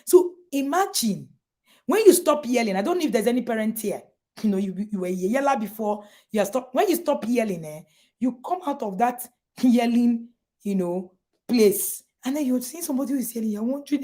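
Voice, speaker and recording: A middle-aged woman with a Nigerian accent giving an emphatic motivational talk to parents as a parenting coach, often raising her voice in mock shouts to make a point. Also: fairly high pitch, expressive, moderate pace.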